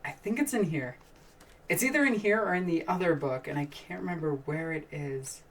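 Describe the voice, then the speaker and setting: A woman hosts a casual live stream from her home room with a fairly low voice. She rambles enthusiastically, sighs often and restarts her sentences. The mic sits a little way off, so she sounds distant. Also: lively intonation, normal speed. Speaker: live streamer answering chat.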